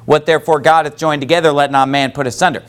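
A man's voice: a little high, fairly even intonation, quick pace, a bit bright, clear, resonant tone. A man preaching a sermon who reads scripture aloud and breaks into casual asides. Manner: preaching with rising emphasis, reads scripture in King James wording; conversational asides with fillers. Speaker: pastor.

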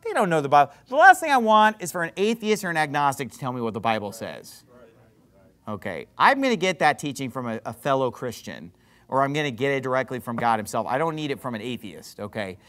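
A man preaching a sermon, retelling a story in an animated, mocking way and repeating words for emphasis. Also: mid-range voice, quick pace. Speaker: pastor.

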